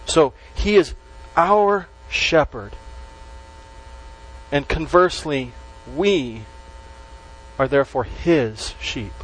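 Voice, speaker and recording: A man preaching a sermon to a congregation, stressing key words slowly and letting his voice drop at the ends of phrases. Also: fairly high pitch, lively intonation, a bit bright, poor audio. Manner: emphatic, with slow stressed words and dropped endings. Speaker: pastor.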